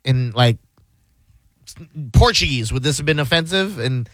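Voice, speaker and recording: A man's voice: mid-range voice, animated, measured pace, fairly bright tone, no room sound. A man hosting a radio show, telling a story in casual banter and laughing often.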